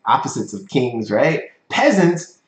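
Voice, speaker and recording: A man's voice: medium pitch, sing-song, a little slow. A man giving a motivational business lecture at a whiteboard, speaking emphatically and ending points with "right?". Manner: emphatic, repeats points, frequent "right?" tag questions. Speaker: business coach. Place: room with a whiteboard. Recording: echoey room.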